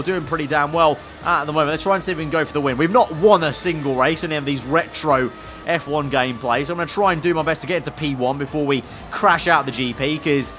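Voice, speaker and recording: A man's voice: a little high, pushed and bright. A man, a gaming channel host, giving sarcastic, rambling gameplay commentary.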